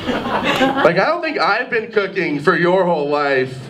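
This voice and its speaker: A high-voiced man in his twenties does a self-deprecating, meandering stand-up routine at a pub, full of "like." His pitch swings a lot while he keeps a measured pace. The crowd is loud, and audience laughter comes through a distant mic.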